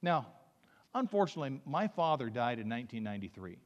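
A man's voice: medium pitch, sing-song, quick pace, muffled recording. Preaching man in a reverberant church hall. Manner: earnest, building to emphatic peaks, reads scripture aloud. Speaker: pastor. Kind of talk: sermon. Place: church sanctuary.

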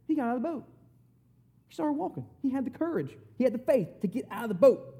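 A man's voice: very high voice, very animated, quick pace, dark tone, slightly rough. A man preaching a conversational sermon, retelling scripture in plain, folksy, emphatic words.

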